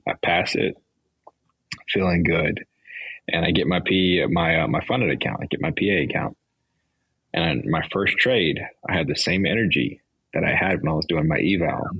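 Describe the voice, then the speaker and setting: A man's voice: low-pitched, normal speed, creaky, fairly bright tone, slightly rough, dull audio. A man talking casually as a podcast guest about trading, in a laid-back, self-deprecating way. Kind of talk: casual chat.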